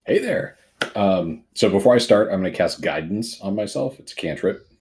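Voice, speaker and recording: Lively low-voiced male player. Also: moderate pace. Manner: inquisitive, friendly. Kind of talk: in-character tabletop play.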